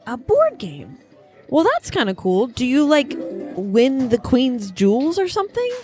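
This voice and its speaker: A woman's voice: high-pitched, wildly swooping pitch, a little slow, dark tone, faint music behind, pitched above the performer's own voice, exaggerated voice. A woman playing a chatty, sing-song newcomer. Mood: curious. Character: curious young woman Juniper, a casino newcomer.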